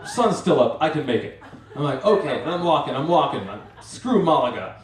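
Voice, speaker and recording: A man's voice: on the high side, very animated, fairly quick. Man telling a comic story live. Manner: rambling, self-mocking, acts out his own asides. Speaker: storyteller and master of ceremonies. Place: stage at a live storytelling event. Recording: roomy live venue, mic from far off.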